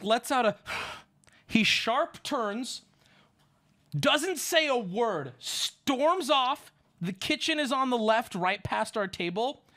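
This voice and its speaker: A man in his thirties telling a rambling story as a streamer in casual chat, animated and profane. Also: very high voice. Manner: rambling, animated, swears, acts out quotes.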